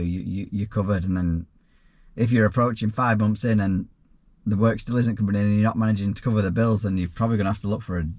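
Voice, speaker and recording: A man, a self-employed plumber, answering viewer questions in a casual, rambling vlog with dry asides. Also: on the low side. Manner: easygoing and rambling, with frequent restarts and dry asides.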